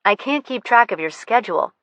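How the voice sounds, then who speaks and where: A woman's voice: on the high side, animated, a little fast, a bit bright, dry recording. A woman voicing an earnest, eager young woman friend in an audiobook.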